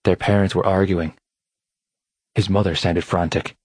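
Deep, husky male audiobook narrator. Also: fairly even intonation, a little slow, dry recording. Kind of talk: scripted narration.

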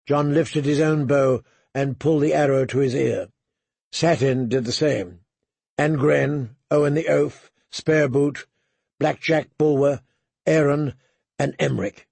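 Slow gravelly male audiobook narrator. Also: no room sound. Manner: measured, dropping to hushed low tones for tension.

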